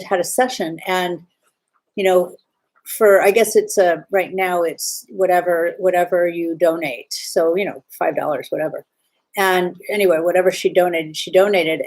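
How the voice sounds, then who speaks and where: Gentle reflective woman telling a story. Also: lowish voice, rough recording. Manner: gentle, reflective, many fillers. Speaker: podcast host. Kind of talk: personal storytelling.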